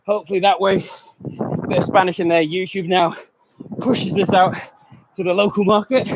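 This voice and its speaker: A man's voice: high-pitched, flat delivery, moderate pace, long pauses, noisy background. A man coaching a live workout, out of breath, counting down seconds and urging people on between short laughs. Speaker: fitness coach. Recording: dull lo-fi stream audio.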